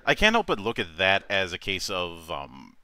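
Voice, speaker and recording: A deep-voiced man hosts a relaxed chat, his low tone edged with a bright, forceful ring. He rambles, restarts his sentences and chuckles often. The sound is dry and close, with no room echo. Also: normal speed, clear, resonant tone. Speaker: host. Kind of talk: casual chat.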